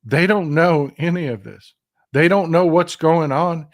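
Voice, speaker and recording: Middle-aged man from Texas, livestream politics host, slightly high voice, emphatic and fired up, addressing viewers directly. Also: unhurried. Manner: impassioned, emphatic, talks straight to viewers. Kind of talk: casual livestream commentary.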